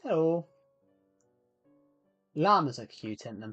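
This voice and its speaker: A man casually narrates his game for viewers in a slightly higher voice. He rambles and trips over his sentences. The sound is close and dry. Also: sing-song, unhurried, a bit bright, no room sound, dull audio, soft background music. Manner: rambling, frequent restarts, chatty with viewers. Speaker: streamer. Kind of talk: casual live game commentary.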